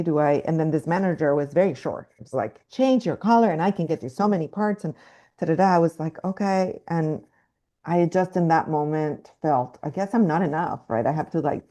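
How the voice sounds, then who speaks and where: A woman's voice: deep voice, mellow. A young woman from Mexico with a light Mexican accent, a guest actress talking reflectively in an interview, with frequent fillers and restarts. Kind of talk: casual interview talk.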